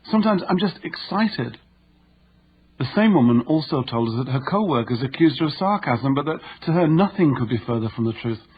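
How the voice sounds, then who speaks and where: A man's voice: mid-range voice, lively intonation, highs cut off, a little hiss or hum. Man reading a self-help audiobook. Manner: measured, instructive reading. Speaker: audiobook narrator. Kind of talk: scripted nonfiction narration.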